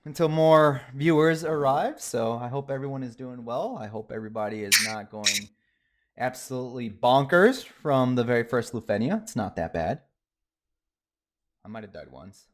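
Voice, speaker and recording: A man's voice: mid-range voice, moderate pace, a little hiss or hum. A man hosting a casual livestream chat with friends, joking around and often trailing off into mumbles. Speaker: stream host.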